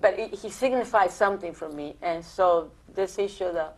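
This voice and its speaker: An older woman from Italy with an Italian accent, telling her life stories in an oral history interview, animated and full of restarts. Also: on the low side, brisk. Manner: animated storytelling with many restarts.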